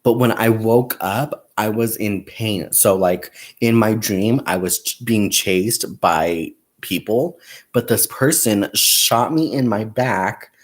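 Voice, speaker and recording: A man's voice: fairly low pitch, slow. A young man hosting a casual crafting livestream, telling stories with lots of laughs, talking to his viewers as "you guys" and "y'all", and counting stitches aloud as he crochets. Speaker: crafting channel host.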